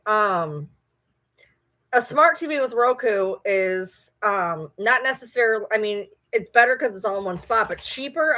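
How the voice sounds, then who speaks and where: A woman's voice: on the high side, a bit bright. A woman from Michigan with a Michigan accent, chatting casually on a livestream, rambling and answering viewer comments. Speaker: livestream host.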